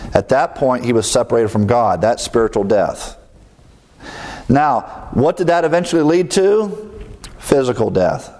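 A man's voice: lowish voice, a little mellow. A man preaching an expository Bible lesson, explaining Greek terms and asking questions he answers himself. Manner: asks rhetorical questions and answers them himself; explains Greek words, with filler pauses.

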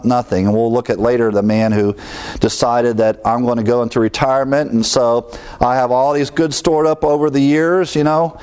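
A man's voice: medium pitch, darkish tone. Man, pastor type, teaching scripture conversationally, off-the-cuff asides. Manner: conversational, with fillers and asides, chuckles at own remarks. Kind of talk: Bible teaching sermon.

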